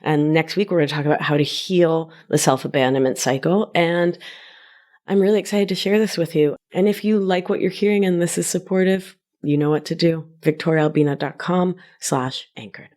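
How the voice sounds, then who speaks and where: A woman from Argentina talks through her podcast on her own, upbeat and quick to tease herself. Her voice sits on the lower side for a woman, and she laughs easily between thoughts. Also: fairly even intonation. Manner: warm, upbeat and self-teasing, laughs easily. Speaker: podcast host and life coach. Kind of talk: solo podcast monologue.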